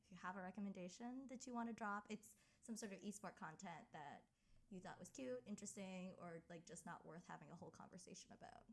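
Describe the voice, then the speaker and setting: A young woman co-hosting a podcast in casual chat, talking in quick tangents full of fillers. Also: fairly low pitch. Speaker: podcast co-host.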